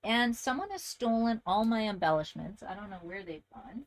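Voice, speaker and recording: A woman's voice: medium pitch, lively intonation, normal speed, hardly any pauses. Woman, craft channel host, casual chat, enthusiastic, talks to viewers, mid-range voice. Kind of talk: casual chat showing handmade card samples.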